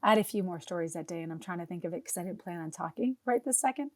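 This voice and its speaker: A woman hosting a podcast, telling stories in a chatty, energetic way and interviewing a guest. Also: lowish voice, racing, dry recording. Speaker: host.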